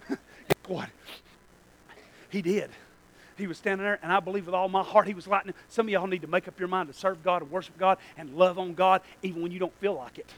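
A preacher man with a very high, bright voice, preaching to a church congregation. He drops to quiet asides, then climbs into shouted, stretched-out peaks. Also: poor audio. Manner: swings from low asides to shouted, drawn-out peaks. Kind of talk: sermon.

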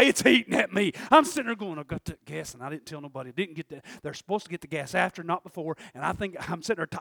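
Preaching in a creaky, slightly bright high voice, this man is recorded close and dry, with no room sound. He keeps things loose and chatty, laughing a lot and voicing the people he quotes.

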